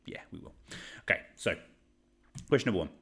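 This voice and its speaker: A man's voice: brisk, pushed and bright. A man around thirty, hosting a live online quiz in a chatty, rambling, joking way. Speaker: quiz host.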